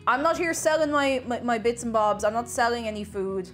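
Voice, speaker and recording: A chatty woman hosting a live stream, her fairly high voice swinging up and down as she talks. She reads her viewers' messages aloud and breaks into bright exclamations. Soft music plays faintly behind her. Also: lively intonation, a little fast. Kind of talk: casual live-stream chat while tasting food.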